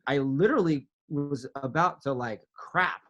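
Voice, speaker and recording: A man telling a story in a casual interview, animated, filling his talk with "like" and acting out quotes. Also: a little high, a little slow, lo-fi sound. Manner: animated, many "like" fillers, acts out quotes. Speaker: podcast guest, drummer.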